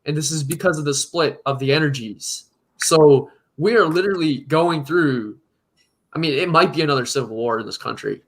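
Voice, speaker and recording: A man from South Carolina talks on a remote call in casual conversation. He is animated and emphatic, laughing often, with a fairly high voice. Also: moderate pace. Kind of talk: casual chat.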